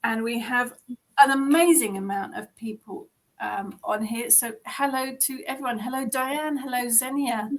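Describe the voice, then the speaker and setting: A woman from England, hosting an online ritual and greeting participants in a chatty, bubbly way over a video call. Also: a little high. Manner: chatty and bubbly, laughs often. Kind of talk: casual chat greeting participants.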